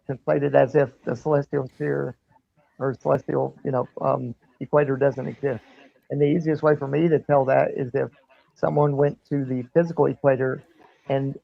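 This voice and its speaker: A man in an online debate, calmly explaining a point with some fillers. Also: mid-range voice, vocal fry, breathy edge, lo-fi sound. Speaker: debate participant.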